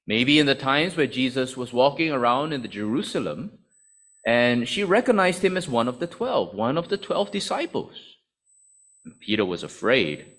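A man's voice: medium pitch, a bit bright. A man preaching a sermon in a conversational, explanatory way with many asides.

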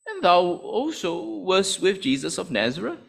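Guy doing a maid calling someone out, higher voice, lively. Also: measured pace, gravelly, breathy edge, heavily acted. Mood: accusing. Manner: pointed, accusing. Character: accusing young servant maid.

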